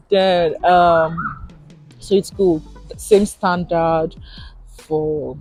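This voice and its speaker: Nigerian woman, 30s, animated vlogger with a warm, mellow voice and a pidgin-laced delivery. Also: fairly low pitch, extremely slow, long pauses, breathy edge, faint music behind. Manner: animated, mixes in pidgin, laughs often. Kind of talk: casual chat.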